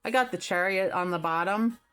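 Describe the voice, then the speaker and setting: A woman's voice: fairly low pitch, fairly quick, a bit bright, clear, resonant tone. A woman giving a casual tarot reading, talking straight to the viewer in a chatty way and laughing easily. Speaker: tarot reader. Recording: faint music behind.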